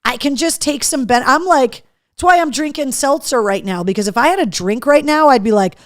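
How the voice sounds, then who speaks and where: Woman host, higher voice, dry close sound, animated and profane, reads viewer comments live. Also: fairly quick, dry recording. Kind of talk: live show chat reading viewer comments.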